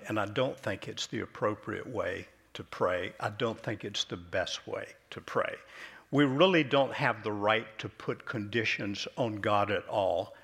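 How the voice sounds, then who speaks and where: A man's voice: fairly low pitch, a bit bright, slightly rough. Earnest man preaching a sermon. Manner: earnest, conversational, acts out quoted prayers. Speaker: pastor.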